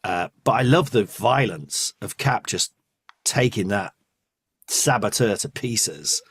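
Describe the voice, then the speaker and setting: A man's voice: fairly low pitch, lively intonation, takes it slowly, a bit bright, slightly rough, dry recording, clean studio sound. A man hosting a podcast, chatting casually, often laughing and trailing off. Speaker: podcast host. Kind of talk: casual chat.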